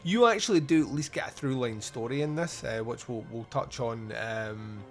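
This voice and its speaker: A male podcast host chatting loosely about a film, laughing often and tripping over his words. His voice is middle-pitched, and faint music runs underneath. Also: lively intonation, normal speed. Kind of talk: casual film review chat.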